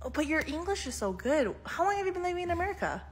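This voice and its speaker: A woman's voice: very high voice, big pitch swings, quick pace, slight background noise. A woman playing a perky, condescending middle-aged American mom who talks down to her guest. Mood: patronizing. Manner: bubbly, patronizing.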